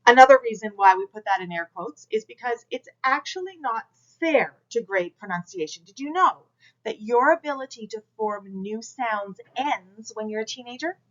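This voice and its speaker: A woman instructor speaks to her class through a camera, coaching and direct in a slightly high voice. The recording is dull and lo-fi, like a plain lecture video. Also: animated, normal speed, a bit bright. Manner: direct, coaching, demonstrates projection aloud. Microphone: camera mic.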